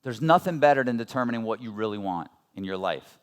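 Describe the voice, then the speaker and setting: A man's voice: medium pitch, lively intonation, quick pace. A man in his thirties giving a motivational seminar talk, earnest and conversational, asking the audience rhetorical questions. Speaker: motivational speaker at a business seminar.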